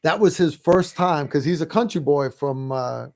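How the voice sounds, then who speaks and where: A man hosting a livestream, chatting in a relaxed, rambling way. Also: on the high side, moderate pace, creaky. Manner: relaxed, rambling, many fillers. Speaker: host. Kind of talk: casual livestream chat.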